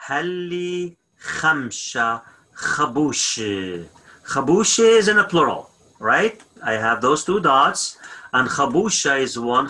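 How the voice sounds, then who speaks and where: A man teaching a language lesson, patiently repeating phrases slowly and explaining sounds step by step. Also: medium pitch, sharp tone, poor audio.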